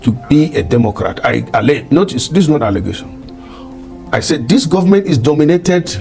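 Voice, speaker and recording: Forceful man, higher voice. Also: animated, moderate pace, gravelly, faint music behind. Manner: forceful, repeats his points. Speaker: interview guest. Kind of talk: broadcast interview.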